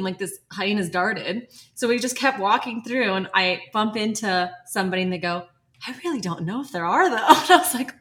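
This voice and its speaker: A young woman telling animated, laughing stories as a guest on a casual podcast, often quoting what people said. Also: on the high side. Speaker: guest, wildlife filmmaker.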